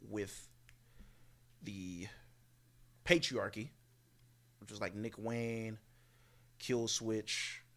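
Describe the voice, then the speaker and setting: A man's voice: lowish voice, very slow, long pauses, a bit bright. Casual man picking wrestling winners. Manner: hesitant, lots of fillers, joking asides. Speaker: podcast co-host. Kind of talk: casual wrestling predictions chat.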